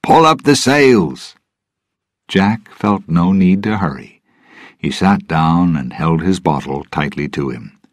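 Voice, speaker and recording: A man narrating a story slowly and deliberately for English learners. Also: extremely low pitch, a little mellow, no room sound, studio quality. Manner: clear, deliberate. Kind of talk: slow scripted story reading for English learners.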